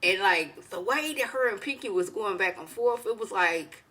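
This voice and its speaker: A woman YouTuber giving a casual, animated recap of a reality show, talking with dramatic exclamations. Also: mid-range voice, normal speed, few pauses, slightly rough.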